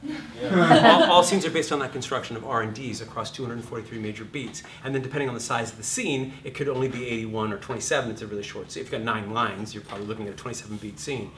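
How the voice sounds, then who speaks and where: A man's voice: mid-range voice, fast talker, fairly bright tone, reverberant. A man teaching acting to a live class in a hot room. He is blunt and profane, acts out quotes and sings notes.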